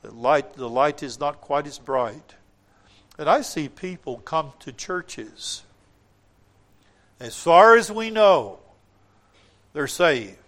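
An older man preaching a sermon, telling a personal testimony in an earnest way, building to emphatic points and dropping to quiet asides. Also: on the high side, expressive, slow pace, long pauses.

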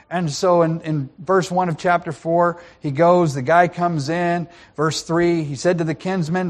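A man's voice: fairly high pitch, steady tone, moderate pace. A man preaching a sermon, retelling a Bible story with playful asides and frequent restarts.

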